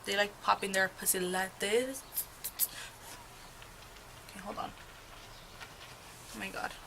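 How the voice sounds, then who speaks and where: A young adult woman takes it slowly, her medium-pitched voice gravelly and steady in tone, over a noisy background. As a beauty vlogger doing her makeup at home, she rambles casually through a profane, gossip-filled storytime.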